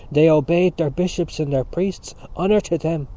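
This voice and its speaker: A man's voice: medium pitch, level tone, a little fast, warm tone, lightly acted. Male reader doing a fierce pious older lady, insistent, muffled lo-fi sound. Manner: hot and insistent. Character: fierce devout older woman, easily angered.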